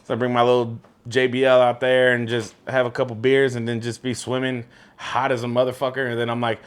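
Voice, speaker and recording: Laid-back, profane young podcast co-host. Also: male voice, medium pitch, little pitch movement, fairly quick, clean tone. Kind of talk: casual chat.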